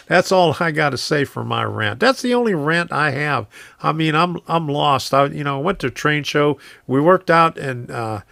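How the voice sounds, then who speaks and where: A man's voice: fairly high pitch, animated, a little slow, gravelly, sharp tone, dry recording. A man hosting a casual live stream from his home train room, rambling, chuckling often and reading viewers' comments aloud.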